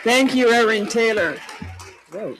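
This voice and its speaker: A man's voice: high voice, animated, unhurried, a bit bright, soft background music, low-quality recording. A man leading a church service, thanking the speaker and announcing the offering in an upbeat way. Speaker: service leader. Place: church sanctuary.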